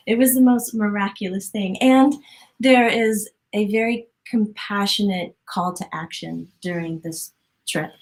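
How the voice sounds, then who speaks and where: A woman hosting a conversational interview, telling stories in an animated, expressive way. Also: medium pitch, slow, low-quality recording. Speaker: podcast host.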